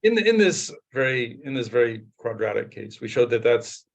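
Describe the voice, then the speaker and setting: Gravelly low man on lo-fi audio. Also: very animated. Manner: halting, slow, gives frequent short assents. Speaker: mathematician discussing research. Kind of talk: casual technical conversation.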